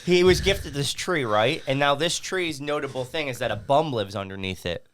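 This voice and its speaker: A man's voice: mid-range voice, normal speed, a crowd in the background. A man co-hosting a casual movie review podcast while sick, joking around and now and then putting on silly voices. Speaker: podcast co-host.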